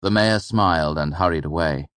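A man with a very low voice narrates a first-person audiobook in a measured, reflective manner. The recording is dry and close, with no audible room. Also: a bit bright, no room sound.

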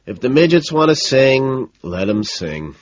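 A man's voice: medium pitch, very animated, measured pace, dry recording, lo-fi sound, pitched above the performer's own voice. A man doing a smug sarcastic limo driver. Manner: smug, mocking.

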